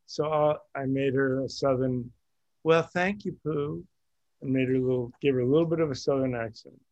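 A middle-aged man hosting a casual group discussion, halting and self-correcting as he talks, often laughing. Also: medium pitch, steady tone, warm tone, dry recording, muffled recording.

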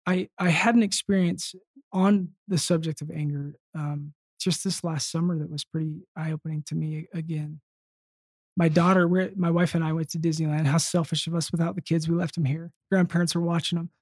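A man telling a personal story in casual conversation, earnest and halting with frequent restarts. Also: fairly high pitch, flat delivery, no echo. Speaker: podcast guest.

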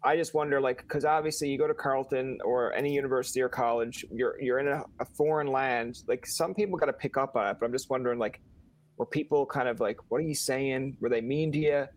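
A man's voice: medium pitch, fairly even intonation, quick pace. Newfoundland-accented man, casual podcast host, self-deprecating storyteller. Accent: Newfoundland Canadian. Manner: joking, self-deprecating, acts out quoted dialogue. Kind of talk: casual interview chat.

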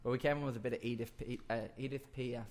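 A man's voice: mid-range voice, steady tone, fast, a little mellow. A man guesting on a podcast as a band musician, joking along in an easygoing, agreeable way. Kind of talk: casual interview chat.

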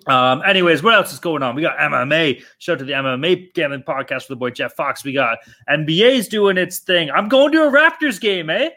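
A man's voice: fairly high pitch, fairly quick, hardly any pauses, pushed and bright. A young man hosting a sports betting podcast, chatting loosely with lots of swearing and jokes. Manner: loose, profane, joking banter. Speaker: podcast host. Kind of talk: casual podcast chat.

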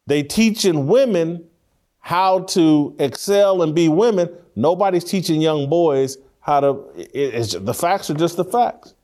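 This is a man with a slightly high voice, talking in a studio as host of an opinion show. He argues bluntly and with heavy emphasis, often restarting and repeating phrases to drive the point home. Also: animated, measured pace, a little mellow. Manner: blunt, emphatic, repeats himself while arguing. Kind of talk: opinionated talk show commentary. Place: studio room with three people.

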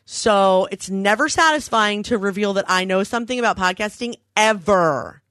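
A woman's voice: normal speed, no room sound, clean studio sound. A woman co-hosting a podcast in casual chat, telling stories with acted-out quotes. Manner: animated storytelling, acts out quotes with big pitch jumps. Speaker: podcast co-host.

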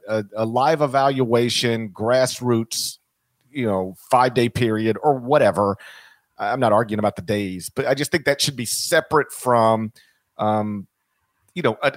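A podcast co-host chats casually about sports, rambling with lots of restarts and fillers. His voice is medium-pitched, and the studio-quality recording has no room sound.

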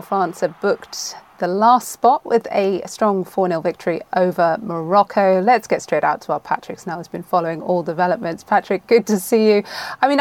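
A woman anchors a news show in a brisk, polished delivery. Her voice sits at a middle pitch. The recording is close and dry. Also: no room sound. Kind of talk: news presenting.

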